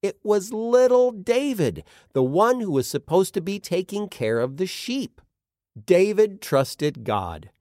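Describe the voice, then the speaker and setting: Slow, lively male storyteller for kids. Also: high-pitched, no room sound, studio quality. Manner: expressive, dramatic pauses, questions to listeners. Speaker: narrator. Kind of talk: children's Bible story reading.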